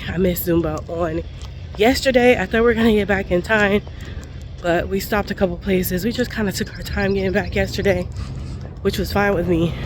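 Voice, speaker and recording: A woman in her forties, congested and breathing heavily, chatting casually to her viewers while out on a walk. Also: lowish voice. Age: 40s. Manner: chatty, addresses viewers as y'all. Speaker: budgeting vlogger. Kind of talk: casual vlog chat. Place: outdoors on a walk near traffic. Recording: outdoor street and traffic noise.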